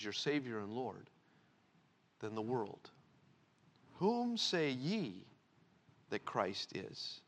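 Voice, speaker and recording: High, lively-voiced preaching man. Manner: preaching with big swings between loud emphasis and hushed low lines. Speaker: pastor. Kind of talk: sermon.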